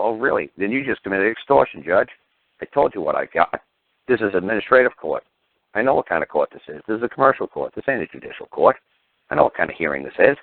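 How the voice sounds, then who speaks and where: A man's voice: on the low side, lively intonation, fast, creaky, no room sound. A middle-aged man hosting a talk show, blunt, profane and combative, acting out courtroom exchanges as he rants. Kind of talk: ranting radio call-in talk. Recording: tinny phone-line audio.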